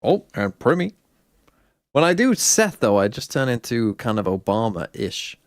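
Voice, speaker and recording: Man, watch-party co-streamer, blunt, joking, profane, animated pitch, dry close sound. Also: a little slow, no room sound. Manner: blunt, joking, swears freely. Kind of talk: casual esports watch-party commentary.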